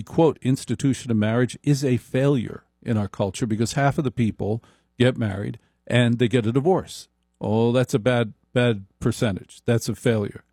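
A man holding forth in a slow, deliberate comic monologue with a wry edge. His voice has a gravelly fry and a dark, mellow tone, recorded dry and close. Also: medium pitch, no echo.

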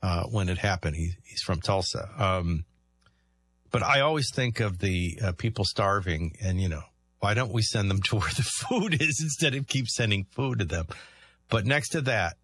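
A man's voice: fairly low pitch, lively intonation, moderate pace, fairly bright tone, slightly rough. A man hosting a talk radio show, chatting through rambling anecdotes and often laughing.

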